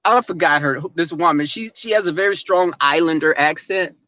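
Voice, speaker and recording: On a dull, dry recording, a Texas man with a Southern drawl hosts a livestream outdoors in the cold. His fairly high voice sounds pushed and bright at a moderate pace as he rants in a brash, profane, sassy way.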